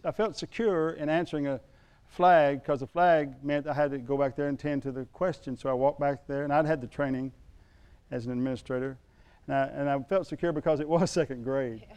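A middle-aged man preaching a sermon, telling a personal story in a folksy way that swings from loud to hushed. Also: a little high, fairly even intonation, a little fast, clear, resonant tone. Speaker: pastor.

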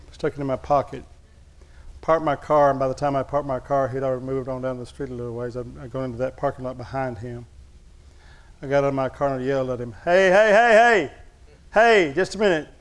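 A male pastor preaching a sermon, telling a personal story in a folksy, candid, humorous way to his congregation. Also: medium pitch.

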